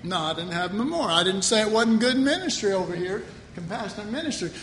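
A man with a high voice preaches, animated and emphatic, pressing his key points home. His voice rings through a reverberant hall with a faint background hum. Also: brisk. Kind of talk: sermon. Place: church hall.

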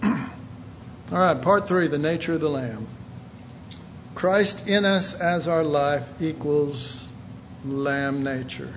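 High-voiced emphatic preacher man. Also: slow pace, pauses often, highs cut off, slight background noise. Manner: emphatic, rising to shouted questions; reads scripture aloud in King James wording. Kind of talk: sermon.

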